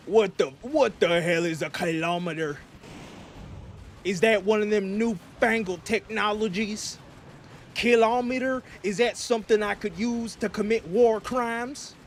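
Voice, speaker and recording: A man's voice: high voice, a little hiss or hum. A man voicing a brash, crude male American president parody with a put-on American drawl, blustering and rambling with stammered restarts during a gaming livestream. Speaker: VTuber streamer.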